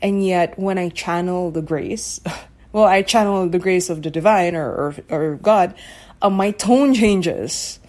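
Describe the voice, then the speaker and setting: Mellow-voiced woman musing on a podcast. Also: fairly low pitch, unhurried. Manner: musing, searching for words, often asks if listener follows. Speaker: podcast host. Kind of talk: casual solo podcast talk.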